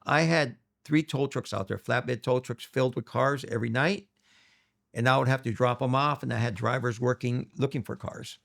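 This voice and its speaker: In a relaxed storytelling interview, a middle-aged guest with a gravelly, rough-edged voice recounts tales, slipping into the voices of the people in them. His pitch stays in an ordinary middle range, and his pace is moderate.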